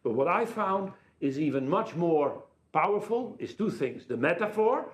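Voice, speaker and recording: A man's voice: high-pitched, big pitch swings, moderate pace, echoey room. A jet-lagged man giving a conference keynote over a telepresence link, telling anecdotes and jokes. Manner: anecdotal, joking storyteller. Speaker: keynote speaker.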